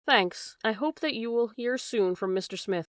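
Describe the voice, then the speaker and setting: A woman voicing a shrewd, measured male detective in an audiobook. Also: fairly high pitch, dry recording, clean studio sound, close to an everyday voice. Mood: calm. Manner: measured, courteous, quietly strategic. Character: cool, shrewd male detective, polite and probing.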